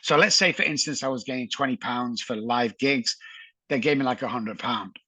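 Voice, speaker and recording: A middle-aged man with a Manchester English accent, a guest on a podcast telling his life story in a lively, chatty way. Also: medium pitch, normal speed, no echo. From England. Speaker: guest, addiction recovery expert.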